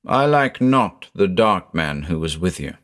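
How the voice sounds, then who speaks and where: Guy reading a stern old woman in a storybook, deep powerful voice, somber and old-fashioned. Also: sing-song, unhurried, a bit bright, full character voice. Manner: somber, archaic speech.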